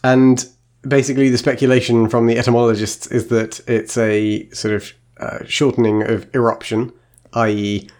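A man's voice: medium pitch, flat delivery, moderate pace, a little mellow. A man co-hosting a casual book discussion podcast, chatty and sweary with lots of fillers and tangents. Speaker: podcast co-host.

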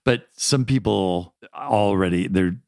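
A man co-hosting a podcast in casual chat, animated, laughing often and teasing his guests. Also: on the low side, slow, creaky, no echo, clean studio sound. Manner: animated, laughing, affirming, playful ribbing. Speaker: podcast co-host.

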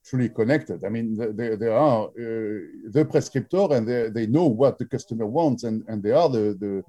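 A man with a French accent telling stories in an interview, often pausing with fillers and restarting his sentences. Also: lowish voice, dark tone. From France. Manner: halting, many fillers and restarts. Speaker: drinks brand founder. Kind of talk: interview storytelling.

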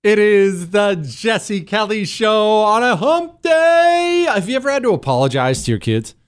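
A middle-aged man hosting a talk radio show, telling stories in an animated, emphatic way with self-mocking asides. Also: high voice, measured pace, clear, resonant tone.

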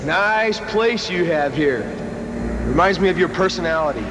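A man's voice: high voice, expressive, normal speed, background noise. An actor playing a cocky, wisecracking male wrestling hero in a 1990s wrestling TV skit, trading dry sarcastic quips. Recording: echoey hall with music behind.

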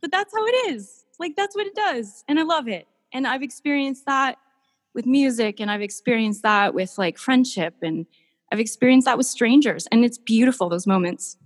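A woman artist telling warm, gushing stories in a casual podcast chat, with many restarts. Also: a little high, expressive, moderate pace. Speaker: painter, podcast guest. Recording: long hall reverb.

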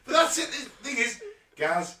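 A man's voice: very high voice, big pitch swings, a little slow, sharp tone. A man co-hosting a podcast, teasing and laughing in casual banter. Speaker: podcast co-host. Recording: roomy echo, slightly off-mic.

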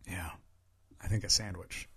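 A man co-hosting a podcast in casual chat, answering with quick, joking replies. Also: low-pitched, steady tone, gravelly, a bit bright, slightly rough. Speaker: podcast co-host.

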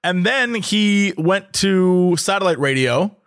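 A man's voice: high voice, expressive, slow pace, a bit bright, clear, resonant tone, dry recording, clean studio sound. A man co-hosting a podcast, chatting casually and rambling with hesitant fillers. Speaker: podcast co-host. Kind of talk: casual chat.

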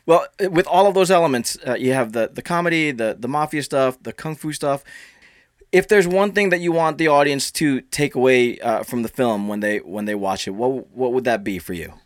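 A man's voice: mid-range voice, moderate pace. A man interviewing a filmmaker, asking his question hesitantly and restarting it partway.

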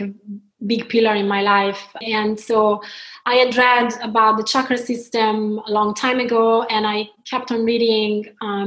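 Italian-accented woman in an echoey room. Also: a little high. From Italy. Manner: earnest, reflective, with many restarts. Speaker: podcast guest, spiritual counselor. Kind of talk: casual interview talk.

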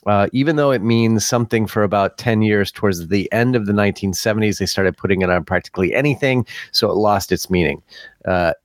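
With a voice on the low side and a fairly quick pace, a podcast co-host goes through listener comments in a relaxed way. He chuckles now and then and hesitates often with uh and um, and the recording is dry.

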